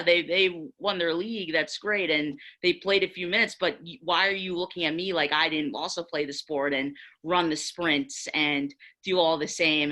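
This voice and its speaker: A young woman on a panel discussion, candidly telling stories with lively acted-out quotes. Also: low voice, poor audio.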